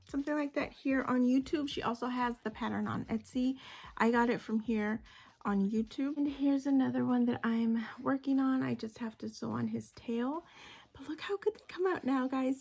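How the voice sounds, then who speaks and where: A woman's voice: high-pitched, vocal fry, darkish tone, breathy edge. A woman chatting casually in a crochet vlog, rambling and often dropping to a whisper. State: unwell with a migraine. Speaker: crochet vlogger. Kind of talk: casual chat. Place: home.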